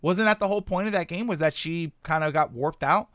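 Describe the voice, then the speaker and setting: A man in his thirties talking casually on a stream, rambling and animated, reacting to chat. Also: fairly high pitch, brisk, dry recording, studio quality.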